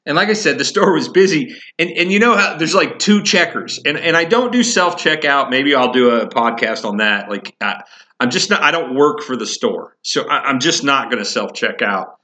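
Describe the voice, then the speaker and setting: A middle-aged podcast host from Indiana tells an everyday story in a loose, rambling way, restarting his sentences and chuckling now and then. His voice is bright and forceful, set at an average pitch for a man. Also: expressive, normal speed. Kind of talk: casual storytelling monologue.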